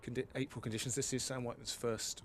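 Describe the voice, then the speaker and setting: A man giving expert analysis as co-commentator on a live cricket broadcast, measured and thoughtful. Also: mid-range voice, little pitch movement, slight background noise.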